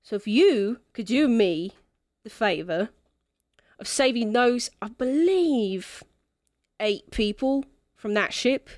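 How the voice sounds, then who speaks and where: A woman voicing a drunk, laid-back man who schemes in a tavern, in a put-on accent with a slow, teasing drawl. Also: fairly high pitch, animated, darkish tone, no room sound, clean studio sound. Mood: scheming. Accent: put-on accent, not her own.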